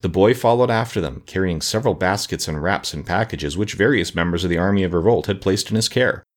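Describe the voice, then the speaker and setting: A man's voice: sits low, brisk. A man narrating a storybook aloud, reading expressively and doing the characters' voices.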